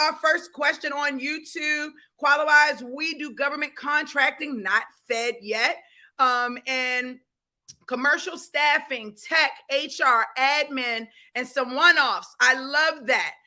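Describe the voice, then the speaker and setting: Casting note: high-voiced, bright and forceful woman, an energetic coach hosting a live class, greeting viewers by name. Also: measured pace. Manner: hypes up the audience, greets viewers by name, repeats key points.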